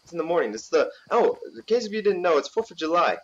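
A man's voice: fairly high pitch, sing-song, quick pace, highs cut off. A man doing casual, goofy gameplay commentary as a gaming YouTuber, a bit sick and coughing, sliding into silly voices. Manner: goofy, jumps into silly voices and off-key singing.

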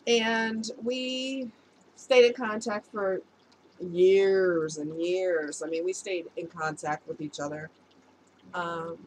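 In a mid-range voice, a vlogger offering relationship advice, an adult woman no longer young, chats casually with her viewers about something personal and laughs at herself along the way. Slight background noise comes through the poor-quality audio.

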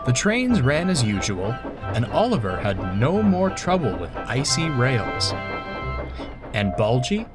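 Slow, expressive male storybook narrator. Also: mid-range voice, music in the background.

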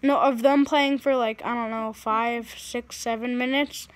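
High-voiced bossy girl, dry close sound. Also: fairly even intonation, a little slow, no echo. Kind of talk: casual chat while filming gameplay.

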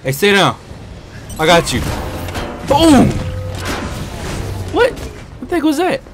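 A man giving excitable live commentary while playing a video game, trash-talking and whooping at the action. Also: high voice, normal speed. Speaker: gaming YouTuber. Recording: game music playing behind.

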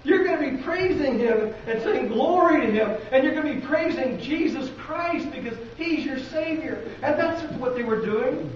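A man's voice: very high-pitched, animated, normal speed, few pauses, slight background noise. A man with a Midwestern American accent preaching a sermon in a church, talking conversationally and asking the congregation rhetorical questions. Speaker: pastor. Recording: very echoey, distant, dull lo-fi.

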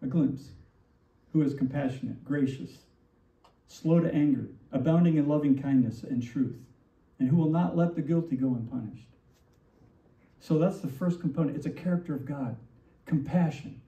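Male pastor, mellow and animated, preaching with rhetorical questions; distant, muffled church recording. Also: medium pitch, normal speed, creaky, reverberant. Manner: animated, rhetorical questions, acts out quoted lines. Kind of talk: sermon.

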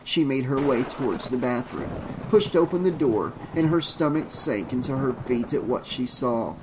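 A man narrating a slasher audiobook at a measured, suspenseful pace, with a faint hiss of noise under his voice. His pitch sits in the ordinary middle for a man. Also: lively intonation. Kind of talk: audiobook narration of a horror story.

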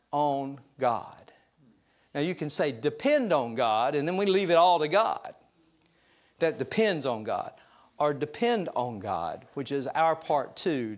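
A middle-aged man preaching to his congregation, folksy and full of joking asides. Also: fairly high pitch. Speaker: pastor. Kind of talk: sermon. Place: church sanctuary.

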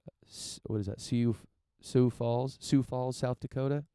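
A man from the United States commenting casually on news and reading passages aloud, halting and repeating words as he searches for his point. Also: medium pitch, steady tone, dark tone, clean tone, dry recording, clean studio sound. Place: outdoors in front of a mansion.

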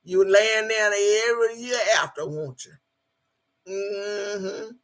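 A woman hosting a live stream, cursing and taunting loudly while reading chat comments aloud. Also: mid-range voice, slow. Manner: cursing, taunting, loud outbursts. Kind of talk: profane live-stream rant.

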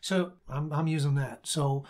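A man's voice: a little high, normal speed. A male guest musician telling a story casually and animatedly, often stopping and restarting mid-sentence as he explains a song and demonstrates it. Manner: animated storyteller who acts out other people's lines.

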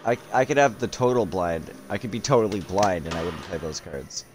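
A man's voice: low voice, a little fast. Rambling, profane man on a headset. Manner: rambling, profane, many fillers. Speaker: poker streamer. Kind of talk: casual livestream chat. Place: at home.

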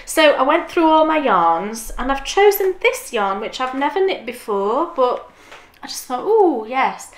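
A woman's voice: high voice, sing-song, a little slow, hardly any pauses. A woman co-hosting a podcast in casual, enthusiastic chat and laughing easily. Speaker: podcast co-host. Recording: roomy echo.

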